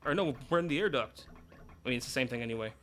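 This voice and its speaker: A man's voice: mid-range voice, fast. A man casually commentating a game, thinking aloud. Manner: chatty, thinks aloud, animated. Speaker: let's play gamer.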